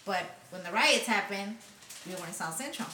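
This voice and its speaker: Woman, from Los Angeles, halting speech full of ums, mid pitch, echoey room. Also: animated, sharp tone, slight background noise. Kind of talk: casual podcast chat.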